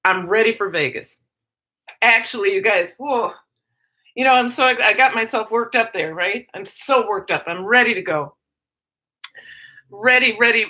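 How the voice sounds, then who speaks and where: Bright, bubbly woman chatting on a livestream. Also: on the high side, measured pace, pauses often. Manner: excitable, chatty, greets viewers by name. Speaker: live stream host. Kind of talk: casual live-stream chat.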